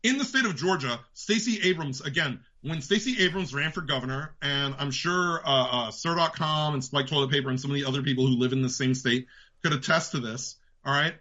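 A man with a New York accent hosting a podcast, ranting about politics in a profane, fast, heated way. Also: on the high side, bright, forceful tone. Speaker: podcast host. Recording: dull lo-fi sound.

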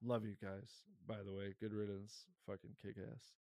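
A man with a Michigan accent, co-hosting a podcast in loose, excitable, profanity-heavy chat. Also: fairly low pitch, moderate pace, creaky, dry recording, clean studio sound. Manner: excitable, swears a lot, laughs often. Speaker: podcast co-host.

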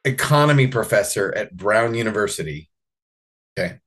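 A man's voice: lowish voice, expressive, moderate pace, a bit bright. A man co-hosting a podcast, reading an article aloud with wry asides and laughs. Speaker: podcast co-host.

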